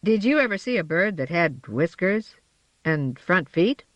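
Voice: mid-range voice, big pitch swings, unhurried, a bit bright, no room sound. A storybook narrator voicing a plain-spoken, puzzled crane operator, in a slightly dull, dry recording. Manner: plain, bemused.

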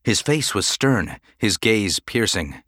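A man giving measured, dramatic audiobook narration. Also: on the low side, very animated, fairly bright tone, no room sound, studio quality.

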